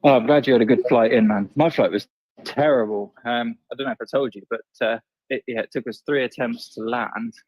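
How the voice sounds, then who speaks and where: A man's voice: medium pitch, steady tone, fairly quick, dry recording, dull audio. A man co-hosting a live stream, telling stories in an easygoing, chatty way. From outside the US. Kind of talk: casual livestream chat.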